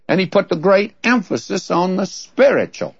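A man's voice: sits high, big pitch swings, normal speed, gravelly, husky, no room sound. A man teaching from the Bible in a conversational sermon, telling stories in a folksy way and asking rhetorical questions. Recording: dull, dry lo-fi recording.

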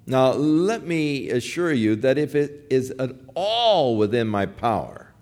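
Older male preacher, sermon storyteller, slow delivery with a lively, swooping pitch. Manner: storytelling, acts out pleading voices.

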